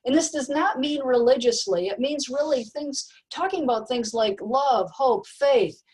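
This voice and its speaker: A woman's voice: sits high, unhurried, darkish tone, slightly rough, recorded from a distance, low-quality recording. A woman giving a recorded parenting presentation, talking emphatically and repeating key words for stress. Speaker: parenting educator.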